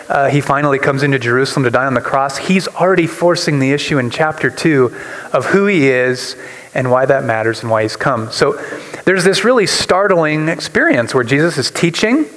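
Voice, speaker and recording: A man preaching a sermon as a pastor, animated, with frequent restarts and repeated words. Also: on the high side, long reverb tail, rough recording. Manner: animated, voices quoted speakers, repeats words.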